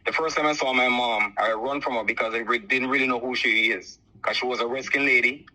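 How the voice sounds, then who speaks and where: A man's voice: medium pitch, fairly even intonation, a little fast, sharp tone. A Jamaican man calling in over the phone to tell a long personal story, rambling and repeating "so forth like that.". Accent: Jamaican, softened by years abroad. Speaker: caller. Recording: muffled phone line.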